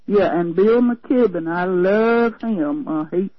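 An older Tennessee woman with a Southern accent calls in to a radio show for a rambling, folksy phone chat full of fillers and restarts. Her medium-pitched voice moves slowly, with a crowd audible behind her. The telephone line sounds dull and lo-fi.

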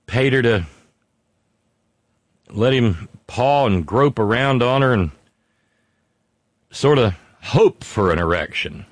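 A man's voice: mid-range voice, lively intonation, takes it slowly, pauses often, no echo. A man hosting a comedy talk stream, reading viewer comments with sardonic, profane asides.

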